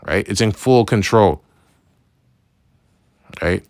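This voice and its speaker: Low-voiced man giving a casual Bible lesson. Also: lively intonation, takes it slowly, gravelly, darkish tone, no echo, clean studio sound. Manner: conversational, keeps asking "right?"; slangy, loose phrasing with restarts. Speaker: religious teacher.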